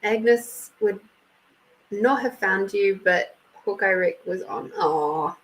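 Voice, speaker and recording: A woman hosts a casual live intuitive card reading. She chats with viewers by name at a middling pitch and reads card meanings aloud. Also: expressive, drawn-out words, fairly bright tone, a little hiss or hum, poor audio. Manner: chatty, answers viewers by name. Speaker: host and intuitive card reader.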